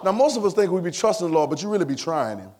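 A man preaching a sermon in church, repeating phrases and building to shouts. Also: high-pitched, big pitch swings, rapid-fire, background noise. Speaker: pastor. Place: church sanctuary.

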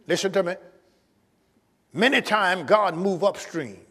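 A man's voice: sits high, measured pace, pauses often, a bit bright, big-room sound. A male pastor preaching a sermon with emphatic call-and-response to his congregation, in a church sanctuary.

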